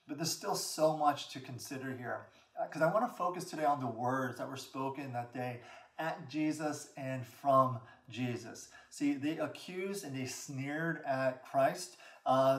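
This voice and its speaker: Man as pastor preaching a sermon, mid-pitched, roomy echo, heard from a distance. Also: moderate pace. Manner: earnest, rising emphasis on repeated phrases. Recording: echoey room, mic at a distance.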